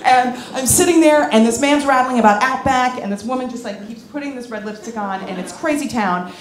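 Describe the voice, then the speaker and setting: A woman telling a comic story on stage to a live audience, animated and candid, often laughing as she talks. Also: on the high side, a little fast, reverberant. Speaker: comedic storyteller. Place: club stage before an audience.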